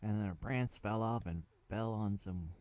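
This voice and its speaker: A man's voice: lowish voice, moderate pace, darkish tone, no room sound. A man in his thirties from the United States, giving a casual spoken TV review in a rambling way with lots of fillers. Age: 30s. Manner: rambling, full of fillers and asides. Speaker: TV show reviewer.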